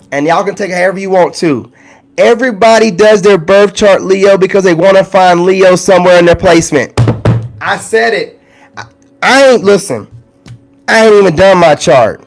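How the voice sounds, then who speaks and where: A man talking casually and directly to his viewers, animated and teasing, with big swings in his voice. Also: sits high, moderate pace, soft background music. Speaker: spiritual content creator. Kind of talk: casual direct-to-camera talk.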